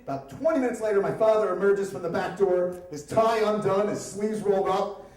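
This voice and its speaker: A man raised around Upper Darby tells a comic story to a live room, loose and conversational with plenty of swearing. His voice sits high for a man. The sound is distant and washed in heavy room echo. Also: brisk. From Upper Darby, Pennsylvania area. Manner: animated, comic, profane, conversational. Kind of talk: live story slam telling. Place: stage at a live storytelling event. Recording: echoey room, voice from far off.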